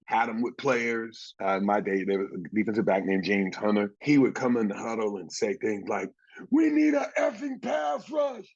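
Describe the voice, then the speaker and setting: A man in his sixties tells stories in a relaxed, lively way and slips into the voices of the people he quotes. His voice is husky and a little worn. The audio sounds muffled and lo-fi, like a remote call. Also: fairly low pitch, normal speed, few pauses. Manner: animated storyteller, acts out quoted voices. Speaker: former pro football player, guest. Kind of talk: casual storytelling interview.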